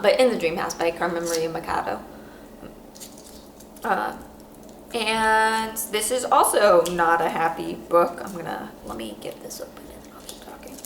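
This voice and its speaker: A woman's voice: lowish voice, gravelly, a bit bright. Earnest rambling woman in a roomy space. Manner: rambling, halting, many restarts; earnest and emotional. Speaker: podcast host. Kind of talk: casual book review monologue. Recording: roomy echo, faint background hum.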